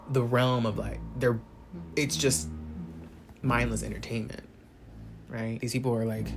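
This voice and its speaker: A young man ranting through a casual pop-culture commentary, theatrical and profane, swinging between muttering asides and loud outbursts. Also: mid-range voice. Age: young adult. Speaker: commentary vlogger.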